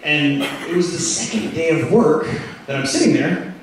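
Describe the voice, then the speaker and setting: A young man doing stand-up, telling stories with animated delivery and loud shouted impressions. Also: a little high, moderate pace. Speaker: stand-up comedian. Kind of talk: stand-up storytelling. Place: comedy club stage. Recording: roomy club sound from a distance with crowd laughter. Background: audience laughing.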